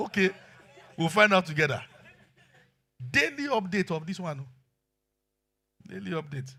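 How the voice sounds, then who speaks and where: A middle-aged man with a Nigerian accent preaching a sermon, shifting between quiet asides and loud exclamations. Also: medium pitch, lively intonation, a little slow, pauses often. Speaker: pastor.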